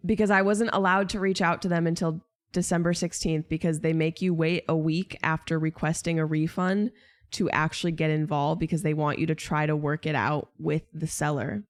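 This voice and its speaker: A woman's voice: deep voice, little pitch movement, moderate pace. A young woman streamer venting to her viewers in casual chat, exasperated, swearing and rambling.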